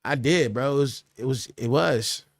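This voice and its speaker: A man's voice: mid-range voice, normal speed, creaky, no room sound, studio quality. A young man hosting a livestream podcast, talking loosely in slang and reacting to chat with laughs.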